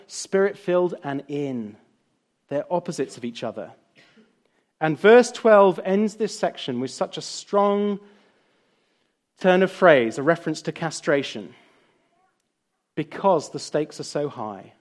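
A man preaching a sermon, telling stories and acting out the quoted lines. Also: high-pitched. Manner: animated storytelling, voices quotes.

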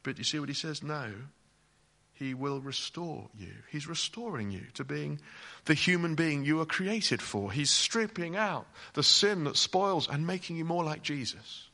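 A man's voice: a little high, animated, a little slow, gravelly, sharp tone. A man preaching a sermon in an emphatic way, speaking directly to his listeners.

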